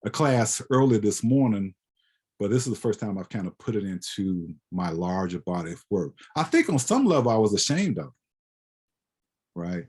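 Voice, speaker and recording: Husky, lower-voiced male guest lecturer, reflective and conversational. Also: very animated, normal speed, a little mellow. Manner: conversational, often ends with "right?". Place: lecture hall.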